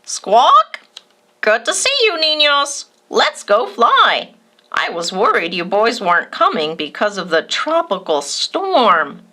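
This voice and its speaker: A woman putting on a bright, squawking male macaw from a storybook, pitched high and loud. He is cheerful, with a very lively, swooping voice. The delivery is slow. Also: heavily acted.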